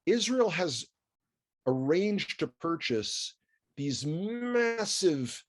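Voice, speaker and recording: New York male commentator, slightly high voice, wry conversational delivery with asides. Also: extremely slow. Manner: wry, animated, asides and rhetorical questions.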